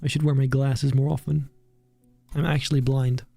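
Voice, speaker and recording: A man's voice: medium pitch, level tone, moderate pace, gravelly, warm tone, breathy edge. A young British man chatting casually on a live stream as he builds, thinking aloud and poking fun at himself. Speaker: streamer building a theme park. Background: faint background music.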